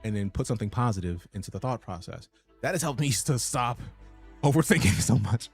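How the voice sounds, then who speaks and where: Lively, animated male streamer. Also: medium pitch, fairly quick, husky, soft background music. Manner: casual, profane, reads chat messages aloud. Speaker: game streamer. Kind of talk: casual live-stream chat.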